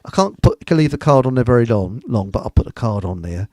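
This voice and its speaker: A man's voice: medium pitch, lively intonation, fast, a little mellow, dry recording. A middle-aged man, hosting a live online show in a rambling, jokey chat and laughing at his own jokes. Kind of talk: casual chat.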